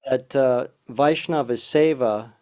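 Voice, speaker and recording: A man interviewing, asking follow-up questions in a measured, tentative way with fillers. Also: medium pitch, darkish tone.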